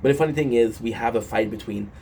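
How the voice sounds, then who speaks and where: A man's voice: mid-range voice, fast talker, creaky, dark tone. Man, casual recap, rambling, ums and restarts, swearing, phone mic, faint background noise. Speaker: show recapper.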